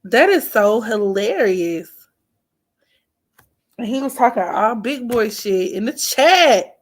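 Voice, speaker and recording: On an astrology livestream, a woman with a slightly high, sing-song voice chats casually at a slow pace. She's playful and teasing, laughs often, and sometimes drops almost to a whisper.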